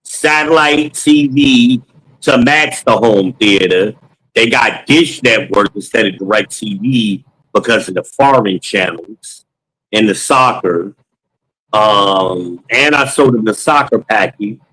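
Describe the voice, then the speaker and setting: A man's voice: on the low side, takes it slowly, a bit bright, breathy edge, rough recording. Casual man telling a long sales story. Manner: loose, conversational, slangy, with many ums and quoted dialogue.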